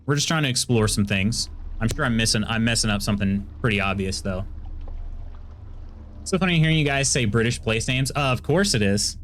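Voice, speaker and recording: A man with a Midwestern American accent holds a relaxed, rambling conversation with his chat between stretches of gameplay. He talks at an easy, middling pitch, laughs often, and answers each viewer's message as it comes in. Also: brisk, slight background noise. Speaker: streamer. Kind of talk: casual chat with viewers while gaming.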